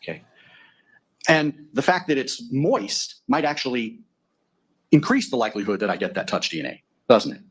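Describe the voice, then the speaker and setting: A man's voice: mid-range voice, sing-song, moderate pace, breathy edge. A man acting as defense attorney in a courtroom, cross-examining a witness methodically with leading tag questions.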